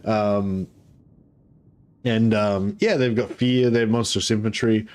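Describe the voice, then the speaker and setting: A man giving casual let's-play commentary, relaxed and rambling with frequent ums. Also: fairly low pitch, slow pace. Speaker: gameplay commentator.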